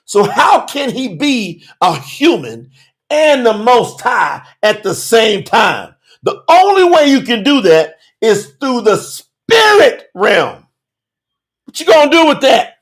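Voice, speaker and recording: A man's voice: high voice, wildly swooping pitch, slow pace, a bit bright. A man teaching scripture as a podcast host, preaching emphatically in casual slang and firing off rhetorical questions. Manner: casual slangy street talk. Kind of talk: livestreamed Bible study sermon.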